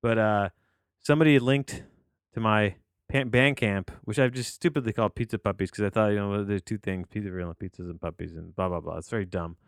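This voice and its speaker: A man's voice: fairly low pitch, steady tone, brisk, smooth, no room sound, studio quality. A man hosting a solo podcast, rambling and digressing as he reviews a movie, often restarting his sentences and swearing casually. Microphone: close to the mic.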